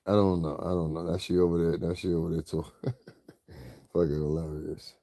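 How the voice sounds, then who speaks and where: Male vlogger, low dark voice, casual rambling commentary, dry close sound. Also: little pitch movement, moderate pace, no room sound. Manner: rambling, repeats "you know what I'm saying", laughs often.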